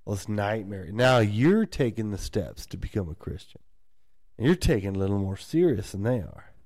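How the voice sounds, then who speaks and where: A man's voice: fairly low pitch, normal speed, dry recording, clean studio sound. A man co-hosting a podcast in casual chat, talking animatedly, acting out the voices of the people he describes, and chuckling between points. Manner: animated, acts out quoted voices of friends and family. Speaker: podcast co-host.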